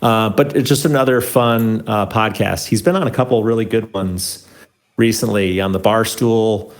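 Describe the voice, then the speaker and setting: A man co-hosting a podcast, talking through news in a relaxed, conversational way with ums and uhs. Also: on the low side, moderate pace. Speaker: podcast co-host. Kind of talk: casual news chat.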